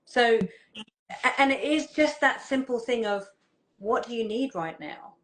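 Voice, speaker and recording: A woman hosting as a parenting coach, talking in a relaxed, halting way with frequent restarts and repeated words. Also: on the high side, a little hiss or hum. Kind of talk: casual conversational chat.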